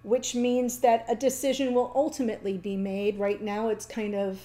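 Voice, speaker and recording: A woman giving a casual, chatty tarot reading, talking warmly to the viewer with fillers and small laughs. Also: on the high side, level tone, normal speed. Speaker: tarot reader.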